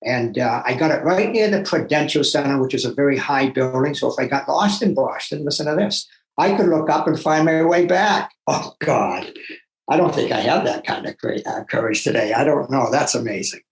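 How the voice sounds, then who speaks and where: Animated older man in a roomy echo. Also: a little high, fairly quick. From Massachusetts, USA. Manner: animated and emphatic, with self-talk asides. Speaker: guest. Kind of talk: personal storytelling.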